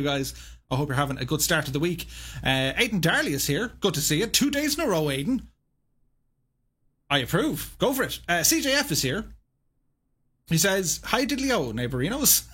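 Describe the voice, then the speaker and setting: A man's voice: on the high side, fairly bright tone, slightly rough. A man hosting a live stream, reading out chat greetings in an upbeat, chummy way and chuckling often.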